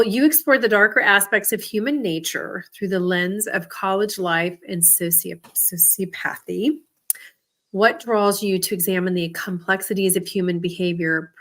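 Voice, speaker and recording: A woman host asking questions and chiming in with quick agreements. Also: mid-range voice, fairly bright tone. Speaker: interviewer host. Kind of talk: friendly interview chat.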